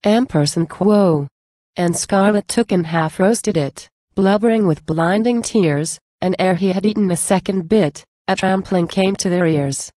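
A woman reciting a narrative poem in a measured, rhythmic reading. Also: mid-range voice, warm tone, dry recording. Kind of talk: poetry recitation.

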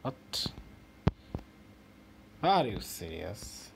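A man hosting a mobile football game channel, giving casual, excitable commentary with swearing and halting restarts over his own play. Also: fairly low pitch, gravelly. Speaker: gaming channel host. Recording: noisy home recording.

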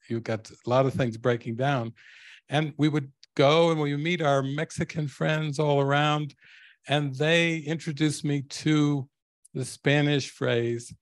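A man's voice: medium pitch, dry recording. An older man, a spiritual teacher, telling stories to a live audience and laughing often. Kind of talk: storytelling talk to a live audience.

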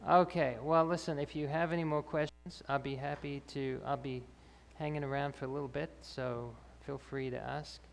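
Gravelly man answering questions in a hall. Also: on the high side, steady tone, moderate pace, few pauses, slight background noise. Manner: explanatory, with many fillers and restarts. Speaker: health speaker. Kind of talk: Q&A after a health talk. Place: church hall. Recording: reverberant church hall, faint ambience.

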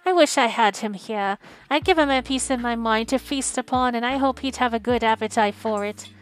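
A woman's voice: fairly high pitch, normal speed, close to an everyday voice, poor audio. A woman reading an indignant wife. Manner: sharp, indignant. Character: indignant working-class wife and mother.

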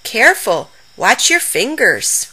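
Storybook figure: eager literal young girl, bright and high, put on by a woman reader. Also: slow, slightly rough, full character voice, low-quality recording. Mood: excited. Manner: bright, excited, childlike.

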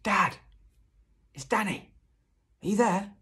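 A man voicing a young boy lost in a dark wood, shouting high and pleading for his father, with a husky edge. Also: lively intonation, slow, full character voice. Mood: desperate shouting.

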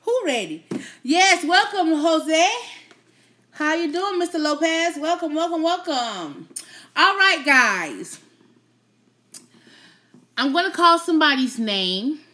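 High, bright-voiced woman hosting a live stream. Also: expressive, takes it slowly, pauses often. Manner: playful, teasing, chatty; laughs often. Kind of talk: casual live-stream chat with viewers.

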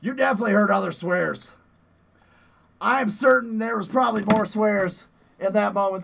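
High, gravelly, frantic gaming streamer man. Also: moderate pace, background noise. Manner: frantic, yelling and playfully swearing at enemies. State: out of breath from push-ups. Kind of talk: live gameplay commentary.

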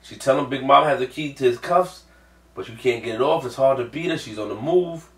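A man hosting a manga reaction, ranting with profanity and swinging from mumbled recaps to yelling. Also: mid-range voice, a little fast. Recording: echoey room, far from mic.

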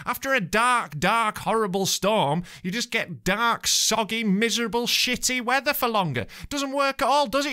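A man's voice: high-pitched, bright, forceful tone. A British man, a stand-up comedian, ranting sarcastically and swearing hard as he hosts his comedy podcast. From Britain. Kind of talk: comic rant.

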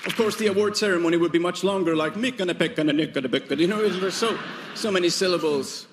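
A man performing a stand-up comedy set before a live audience, animated and imitating foreign speech and swearing. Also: high voice, fast, crowd noise. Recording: noisy live venue.

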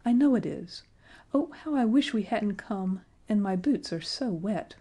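A woman's voice: medium pitch, animated, measured pace, dark tone, slightly rough. A woman voicing a frightened little girl in a storybook, plaintive and close to tears. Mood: fretful.

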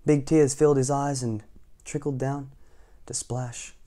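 Mellow-voiced man reading a picture book. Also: medium pitch, fairly even intonation, a little slow. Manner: gentle asides to young listeners. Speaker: storytime reader.

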